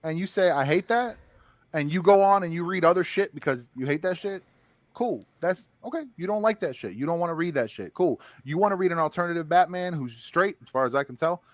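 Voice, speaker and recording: A man's voice: a little high, animated, a little fast, no echo. Laid-back man, dry close recording. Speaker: host. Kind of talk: casual debate.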